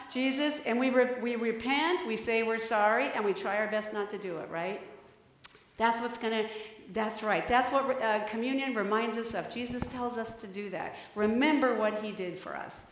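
This is a woman leading a children's sermon in a church, her voice a touch high and carrying. She talks in a lively, coaxing way, asking the kids questions. The sound rings around a big, echoey hall with a long tail of reverb. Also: slight background noise. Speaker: children's message leader. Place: church sanctuary.

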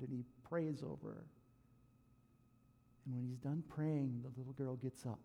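A male preacher telling a story in a sermon, animated and acting out the quoted lines. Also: a little high, big-room sound. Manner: animated retelling with acted quotes.

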